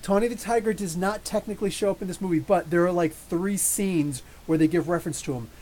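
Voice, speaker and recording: Excitable, rambling man reviewing a movie live. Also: high-pitched, fairly quick. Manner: excitable, rambling, many restarts and fillers; reads and answers live chat comments. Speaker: YouTube comics channel host.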